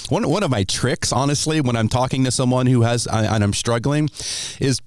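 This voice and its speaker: In a relaxed chat, this American podcast host keeps laughing, using fillers and starting his sentences over. He speaks at a medium pitch and moderate pace, with no echo.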